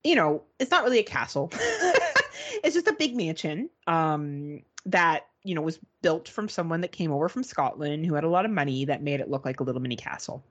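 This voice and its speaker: A woman's voice: sits low, lively intonation, a little fast, dull audio. A woman co-hosting a podcast, telling a story in casual, profane chat and mimicking beeping gadgets. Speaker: podcast co-host.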